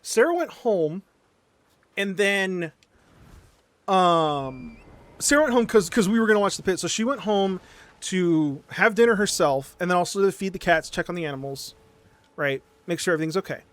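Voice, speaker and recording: A man streamer telling a story in casual chat, animated and sarcastic, with frequent stammered restarts and swearing. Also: sits high, normal speed.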